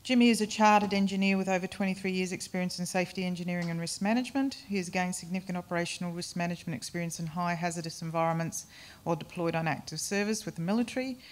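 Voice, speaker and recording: Brisk woman introducing a speaker. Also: fairly low pitch. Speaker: seminar host.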